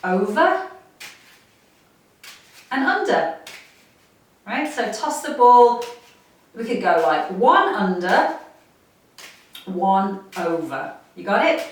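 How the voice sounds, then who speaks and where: A woman guides a playful movement class from her chair, talking warmly and laughing as she goes. Her voice rises and falls a lot, and it rings in a very echoey room. The mic sits some way off. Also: medium pitch, very animated, drawn-out words, long pauses, far from the mic. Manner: encouraging, laughs often, chatty while moving. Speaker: movement instructor. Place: home room, seated on a chair.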